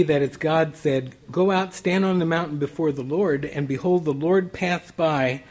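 A man's voice: fairly high pitch, darkish tone, slightly rough. A man preaching a Bible study sermon, reading verses aloud and then commenting on them conversationally.

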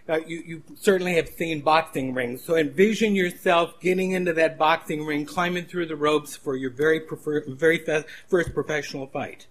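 A man's voice: on the high side, a bit bright. A man preaching a sermon in a conversational storytelling manner, with frequent restarts.

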